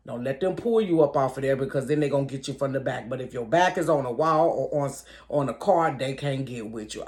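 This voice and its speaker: Woman, forties, casual storyteller, emphatic and lively, speaks directly to the audience. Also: fairly low pitch. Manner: animated, emphatic, talks straight to viewers. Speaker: storytelling vlogger. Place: bedroom.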